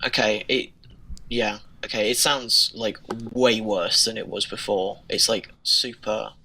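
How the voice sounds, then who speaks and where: A man's voice: fairly low pitch, steady tone, measured pace, gravelly, sharp tone, low-quality recording. A young man co-hosting a podcast remotely, chatting casually and hesitantly, often trailing off. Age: young adult. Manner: laid-back, hesitant, trails off. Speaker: podcast co-host. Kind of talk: casual chat. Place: remote call from abroad.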